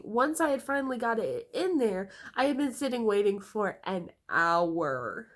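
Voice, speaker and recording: A woman's voice: mid-range voice, very animated, unhurried, few pauses. A woman telling a casual storytime vlog, rambling with many fillers and slightly congested from a cold. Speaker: storytime vlogger.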